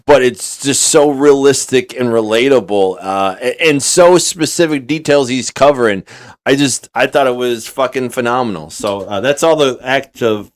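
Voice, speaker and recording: A man co-hosting a podcast and chatting casually. He rambles, swears freely and restarts his sentences often, with a voice of middling pitch. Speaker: podcast co-host. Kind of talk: casual chat.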